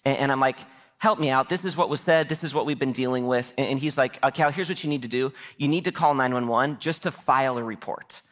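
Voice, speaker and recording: A man's voice: mid-range voice, fast, a bit bright. A man, the pastor, telling a personal story during a church sermon, quoting the people in it himself. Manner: anecdotal, quotes others in his own voice.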